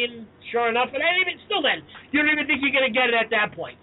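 A man with a very high voice rattles through his stories at speed, acting out each voice and swearing freely as he co-hosts a casual podcast. The sound is thin and phone-like, with faint noise underneath. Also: very fast. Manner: animated storyteller, acts out quoted voices, swears freely. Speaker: podcast co-host. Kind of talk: casual chat.

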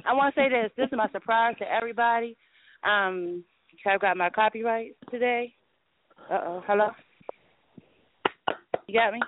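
A woman co-hosting a call-in show, talking in a rambling, excited way with frequent laughs. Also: medium pitch, background noise. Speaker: radio show co-host. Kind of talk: casual call-in chat. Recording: tinny phone-line audio, dry.

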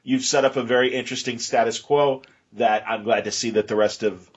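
Man, podcast host, casual interview, easygoing, chatty, mid pitch, muffled lo-fi audio. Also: steady tone, fairly quick. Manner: easygoing, chatty, laughs along.

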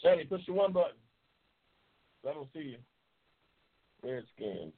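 Man, talk show host, loud profane trash talk, fairly high voice, tinny phone-line sound. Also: big pitch swings, unhurried. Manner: profane, trash-talking, teasing. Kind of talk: casual live call-in banter.

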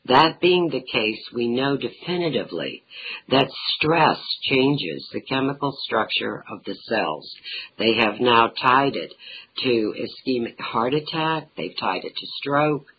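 A woman's voice: very deep voice, lively intonation, unhurried, dull audio, slight background noise. A middle-aged woman, an author being interviewed, telling humorous family anecdotes. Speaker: author and talk show guest. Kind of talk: interview storytelling.

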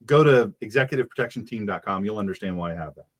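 A man's voice: on the low side, animated, quick pace. A man hosting a fiery political talk radio show, preaching in an impassioned way and acting out little scenes.

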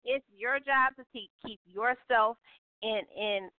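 A woman's voice: a little high, takes it slowly, smooth, no room sound. A woman co-hosting a casual talk show, speaking emphatically and repeating phrases for effect. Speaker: co-host. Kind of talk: casual chat. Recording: tinny phone-like line, dry.

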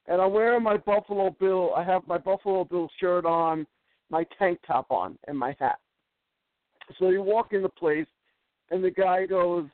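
Rambling high-voiced man on a phone line. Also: no echo. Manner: rambling storyteller, repeats and restarts. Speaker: sports talk show host. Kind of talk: casual call-in radio chat. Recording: dry tinny phone-line sound.

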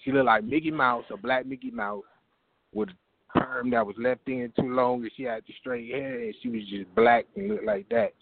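A man tells a profane comic story, jumping in and out of voices. His voice is husky, and his pitch swings widely. The sound is dry and comes through a thin, tinny phone line. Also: lively intonation, moderate pace, dry recording. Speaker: open mic comedian calling in.

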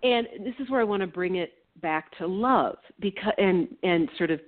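A woman co-hosting a reflective conversation, earnest and animated, laughing often as she talks. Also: fairly low pitch, normal speed. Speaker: co-host. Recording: tinny phone-like line.

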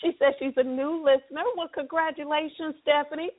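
A woman's voice: high-pitched, steady tone, brisk. A woman hosting a talk radio show, chatty and upbeat, explaining things to her listeners. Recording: tinny phone-line broadcast.

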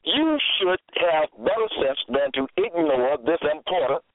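A man's voice: fairly high pitch, big pitch swings, unhurried. A man preaching a sermon, exhorting and scolding his listeners and repeating his phrases. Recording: tinny phone-like, dry sound.

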